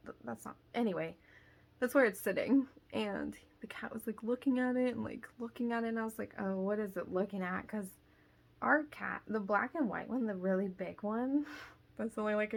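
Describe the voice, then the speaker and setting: Young female vlogger, casual chatty storyteller, mid-range voice with some fry. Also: mid-range voice, normal speed. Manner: rambling, filler-heavy storytelling with frequent laughs. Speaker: crochet vlogger. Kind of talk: casual chat.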